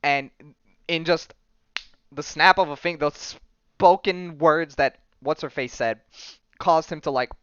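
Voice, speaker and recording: A man hosting a podcast, casually recapping a comic book story with plenty of fillers and quick acted-out character lines. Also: on the high side, fairly bright tone, clear, resonant tone, dry recording, muffled recording. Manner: rambling storytelling with many fillers, briefly acting out characters' lines. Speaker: podcast host.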